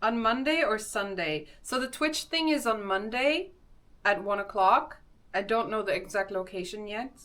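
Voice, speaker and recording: A woman's voice: medium pitch, moderate pace, fairly bright tone. A young woman with a Swedish accent, chatting casually on a live stream, greeting viewers and laughing often.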